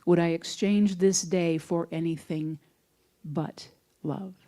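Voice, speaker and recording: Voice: mid-range voice, fairly even intonation, takes it slowly, mellow. A minister giving a conversational sermon in a church sanctuary, telling folksy stories. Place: church sanctuary, also streamed online.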